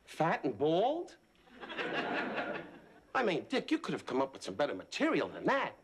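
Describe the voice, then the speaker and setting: A sneering late-night talk host. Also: male voice, fairly high pitch, wildly swooping pitch, normal speed, noisy background. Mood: smug. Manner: mocking, sneering, theatrical. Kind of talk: 1980s sitcom acting. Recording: loud studio audience laughter.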